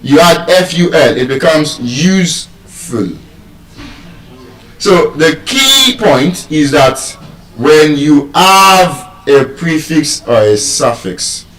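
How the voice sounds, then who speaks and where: A man giving a live lesson on word stress, deliberate and teacherly, repeating key terms. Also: medium pitch, fairly bright tone. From Nigeria. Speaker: English language teacher. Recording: roomy sound, mic far off.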